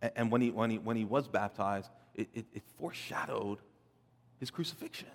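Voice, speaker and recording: A man preaching a sermon, swelling loud and dropping soft, often repeating words as he builds a point. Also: on the low side, brisk, gravelly, long reverb tail. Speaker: pastor.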